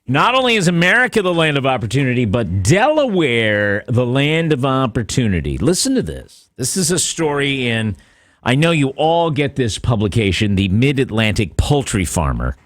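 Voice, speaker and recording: A man's voice: mid-range voice, big pitch swings, normal speed, fairly bright tone, dry recording, studio quality. A man hosting a radio talk show, playful and jokey, repeating words for emphasis.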